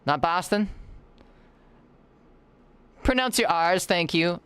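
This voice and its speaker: Animated chatty streamer. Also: mid-range voice, moderate pace, clear, resonant tone. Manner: animated, chatty, reads and answers chat. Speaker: livestreamer. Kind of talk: casual stream chat while drawing.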